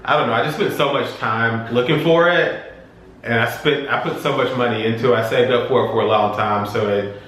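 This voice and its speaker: A man's voice: mid-range voice, a little fast, fairly bright tone. A young man vlogger in a casual chat, laid-back and mostly giving short agreeing replies. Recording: echoey room with faint hiss.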